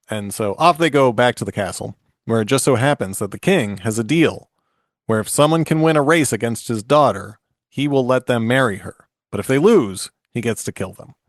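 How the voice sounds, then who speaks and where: A man's voice: mid-range voice, moderate pace, dry recording. Guy in his 40s riffing thru an old fairy tale, laughs a lot, dry close sound. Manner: jokey, laughs often, restarts a lot. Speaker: podcast co-host retelling a fairy tale. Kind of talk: casual chat and comic story retelling.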